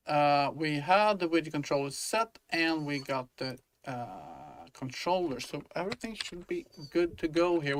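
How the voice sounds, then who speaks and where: A man's voice: on the high side, dry recording. Rambling man thinking aloud. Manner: rambling, many fillers and restarts; thinks aloud while working. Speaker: indie game developer. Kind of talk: casual dev-log chat.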